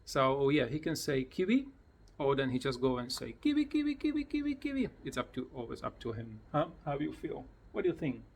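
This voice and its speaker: A man casually explaining how he teaches his parrot to talk, in plain, slightly broken English, often repeating words in a high, sing-song voice, recorded at home beside the bird. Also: vocal fry, a little hiss or hum. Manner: slow, plain explanations with simple non-native grammar. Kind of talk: casual tutorial vlog.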